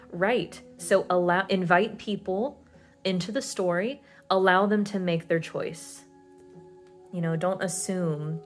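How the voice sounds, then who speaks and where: A woman giving a pick-a-card tarot reading, talking in a soothing, reassuring way with many fillers. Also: fairly low pitch.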